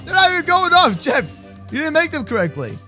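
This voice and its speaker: Male roleplay host with a very high, lively, bright voice. Excitable and slangy, shouts a lot. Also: fairly quick, soft background music. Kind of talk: playful game roleplay narration.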